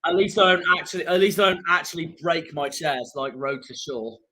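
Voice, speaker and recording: A young man talks through a live football watchalong in a bright, slightly raised voice. He rants and fumes at the results, sinking to low mutters, then bursting into loud cries. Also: brisk. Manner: frustrated, ranting, swings between muttering and shouting.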